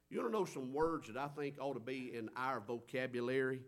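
A man preaching a sermon, swinging between loud stressed phrases and quiet drawn-out words. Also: medium pitch.

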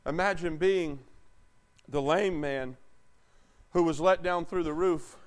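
A man's voice: on the high side, slow. A man preaching a sermon, reading scripture aloud and dramatizing God and Jesus with call-and-response to the congregation. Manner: voices God and Jesus in impassioned quoted speech.

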